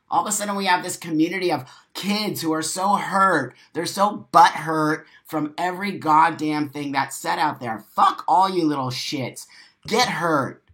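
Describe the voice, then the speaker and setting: A livestream host rattles off an unscripted, profanity-laced rant in a mid-range voice, reading out viewer comments. He repeats lines for emphasis and swings from loud outbursts to quiet asides.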